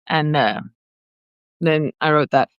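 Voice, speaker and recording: Smooth-voiced woman chatting playfully. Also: low-pitched, slow pace, no echo, highs cut off. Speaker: vlogger chatting with viewers. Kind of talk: casual chat, reading viewer comments.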